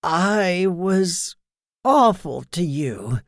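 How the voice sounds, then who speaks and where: A narrator doing a hushed, trembling repentant queen. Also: mid-range voice, sing-song, very slow, no room sound, studio quality, full character voice.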